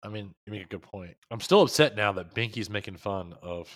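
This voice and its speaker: A man co-hosting a casual chat, animated and jokey, acting out quotes for laughs. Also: on the low side, brisk, no echo, clean studio sound. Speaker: podcast co-host.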